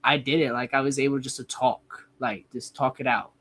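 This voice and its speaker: A man's voice: mid-range voice, little pitch movement, moderate pace, fairly bright tone, husky. A young man in his twenties, a wrestler guest telling a casual story, rambling with lots of "like". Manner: rambling, heavy use of "like".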